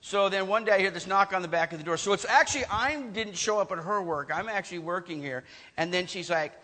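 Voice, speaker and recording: Bright high-voiced joking man in a hall. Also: fast. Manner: joking, self-mocking, laughs often. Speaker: husband telling a couple's story. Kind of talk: storytelling to an audience. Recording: reverberant hall.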